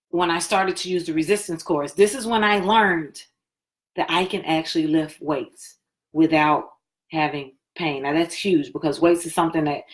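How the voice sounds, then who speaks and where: A woman hosting a live stream, telling her personal story in a chatty, animated way and acting out what people said. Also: low-pitched. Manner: chatty, animated, acts out quoted talk.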